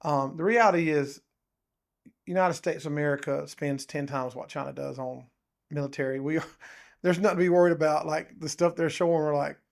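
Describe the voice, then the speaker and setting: A man co-hosting a podcast, talking in a casual, animated and rambling way. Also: a little high, brisk, gravelly. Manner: animated, rambling, says "dude" and "um" often. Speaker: podcast co-host. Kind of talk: casual chat.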